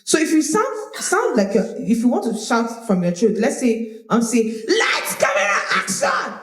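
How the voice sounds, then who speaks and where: Woman speaking coach, lively high voice, roomy live-workshop sound. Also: normal speed. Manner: animated, demonstrative, repeats words. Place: large room with audience. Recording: roomy echo of a hall.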